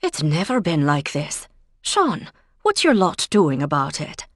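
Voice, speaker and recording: A woman's voice: sits low, wildly swooping pitch, unhurried, a bit bright, no echo, clean studio sound, heavily acted. A woman doing a kindly, anxious older landlady. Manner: fussing, motherly.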